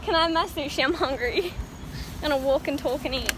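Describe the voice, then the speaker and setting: Young woman, high voice, rambling giggly storytelling, outdoor vlog, loud street noise. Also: brisk. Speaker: vlogger. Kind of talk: casual vlog chat. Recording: noisy street recording.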